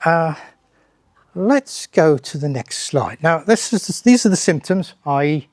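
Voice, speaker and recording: An older man with a fairly high voice gives a talk at a tech meetup in the manner of a former lecturer. His humour is dry and wry, he asks the audience rhetorical questions, and he often breaks off and restarts his phrases. The sound is dry, with no echo. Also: lively intonation, measured pace, a little mellow. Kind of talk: conference talk.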